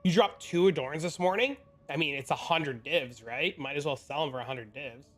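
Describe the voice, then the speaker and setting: Male streamer, casual profane banter, high bright voice. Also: normal speed, faint music behind. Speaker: game streamer. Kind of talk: casual live-stream chat.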